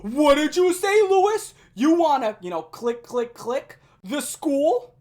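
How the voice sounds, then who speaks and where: A woman voicing a prankish teenage schoolboy who yells mocking lines across a classroom. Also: high voice, animated, voice pushed up. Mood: yelling. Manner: yelling, drawn-out, mocking.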